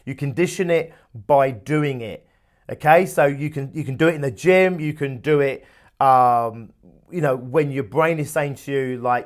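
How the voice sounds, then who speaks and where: A man gives a motivational talk in a fairly high voice. He tells stories emphatically, leaning on repeated phrases, and his pitch often rises and falls for emphasis. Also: brisk. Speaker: podcast host.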